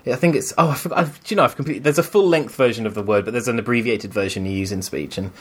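A man's voice: medium pitch, rapid-fire, breathy edge. Male co-host, chatty anecdote teller, meandering delivery. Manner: rambling storyteller, many restarts, acts out quoted voices. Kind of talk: casual chat, telling an anecdote.

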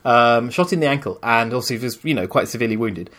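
A man's voice: medium pitch, expressive, fast, a bit bright. Guy rambling through a story, lots of restarts, does little voices. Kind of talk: casual chat, telling an anecdote.

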